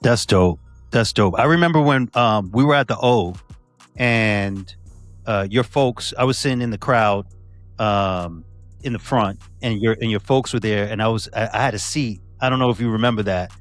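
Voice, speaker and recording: A man hosting a podcast interview, chatting casually and acting out stories with lively energy. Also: normal speed, faint music behind. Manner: animated storyteller, acts out quotes with big pitch jumps. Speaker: podcast host.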